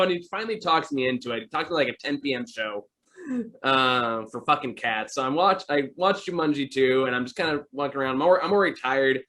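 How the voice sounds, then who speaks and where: A man's voice: mid-range voice, moderate pace, pushed and bright. Guy rambling thru movie theater stories, lots of ums and uhs, chill chat. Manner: rambling storyteller, many fillers. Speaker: podcast host. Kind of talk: casual chat.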